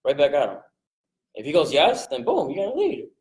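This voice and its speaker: A man coaching a group on sales rapport in a casual, energetic way, jumping into quick voices to act out phone calls. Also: a little high, echoey room, rough recording. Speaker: real estate investing coach.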